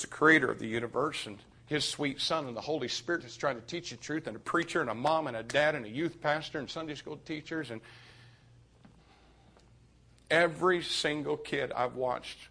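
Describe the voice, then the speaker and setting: A man preaching a youth sermon, moving from quiet confiding to sudden shouted emphasis. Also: medium pitch, vocal fry.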